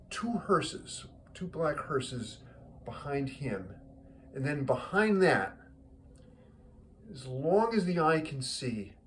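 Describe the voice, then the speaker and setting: A man's voice: medium pitch, a little hiss or hum. A man casually telling a joke, rambling and often repeating his words. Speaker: joke teller.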